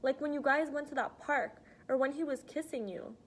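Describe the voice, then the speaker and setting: A woman reading an earnest teenage girl, a little higher. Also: moderate pace, close to an everyday voice. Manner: earnest, pleading, soft-spoken. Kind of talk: audiobook reading.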